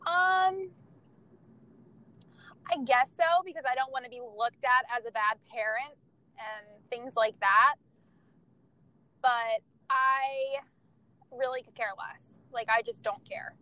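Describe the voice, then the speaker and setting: A woman's voice: high voice, slow pace, long pauses, no room sound, lo-fi sound. A young woman telling candid, profane stories about her family in casual chat, laughing often.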